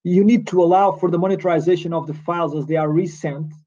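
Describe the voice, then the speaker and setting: A man's voice: a little high, steady tone, quick pace, dark tone. A man from Portugal with a Portuguese accent, giving an earnest, explanatory conference lecture as a lecturer. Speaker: lecturer on cybercrime law. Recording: dull lo-fi recording.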